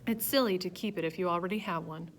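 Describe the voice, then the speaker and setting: A woman voicing a fussy, easily offended middle-aged woman with a shrill voice. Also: fast talker, a little hiss or hum, natural voice. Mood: prim. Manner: shrill and shrieking.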